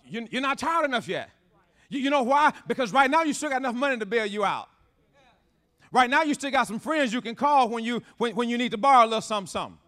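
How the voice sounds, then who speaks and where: A man preaching a fervent sermon with call-and-response, repeating phrases and building to shouts. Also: very high-pitched, animated, fast talker. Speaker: pastor.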